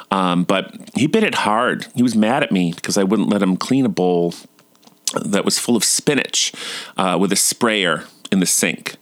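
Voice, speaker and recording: Dad vlogging casually, lowish voice, jokes at his own expense, dry close sound. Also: no room sound. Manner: chatty, self-deprecating, laughs often. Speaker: vlogger and father. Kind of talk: casual personal vlog.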